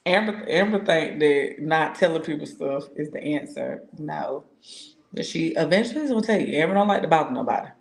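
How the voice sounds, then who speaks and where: A woman's voice: low-pitched, brisk, vocal fry, roomy sound. A woman, a tarot reader, chatting casually with her viewers, telling stories with lots of laughter and slang. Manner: laughs often, animated storytelling, slangy. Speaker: tarot reader and spiritual consultant. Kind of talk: casual livestream chat with viewers.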